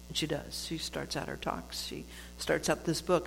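A woman giving a reflective spiritual talk, conversational and quick to laugh, with frequent restarts. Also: low voice, very animated, gravelly. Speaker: speaker sharing a book's lessons on forgiveness. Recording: long hall reverb with faint noise.

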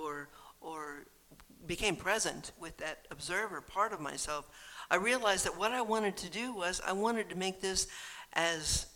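A speaker giving a gentle, earnest and reflective personal talk. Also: mid-range voice, creaky.

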